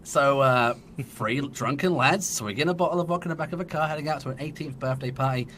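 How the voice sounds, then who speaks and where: A man's voice: medium pitch, fast, a bit bright, a little hiss or hum. A man in his thirties with an English accent, a podcast guest telling a long, laughing story in casual chat. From England.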